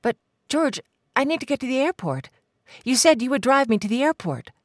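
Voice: high voice, sing-song, fairly quick, no echo, clean studio sound, voice pushed up. A reader voicing an ill, emotional woman who pleads and protests in a raised, tearful voice. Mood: angry, demanding. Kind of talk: audiobook character voice.

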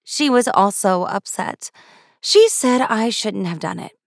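A woman's voice: mid-range voice, animated, unhurried, creaky, no echo, studio quality. Woman with wry storybook narration. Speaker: audiobook narrator. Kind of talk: first-person storybook narration.

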